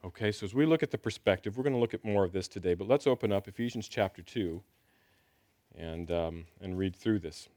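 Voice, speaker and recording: A man's voice: low voice, a little fast, darkish tone, no room sound, studio quality. A middle-aged man preaching a sermon, playfully asking his congregation questions before reading scripture aloud. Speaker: pastor.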